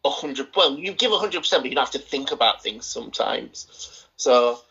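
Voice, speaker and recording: A man's voice: mid-range voice, lively intonation, normal speed, vocal fry, bright, forceful tone, husky. A man co-hosting a casual film review podcast, rambling and opinionated, with plenty of hesitations. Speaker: podcast co-host. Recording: dull lo-fi sound.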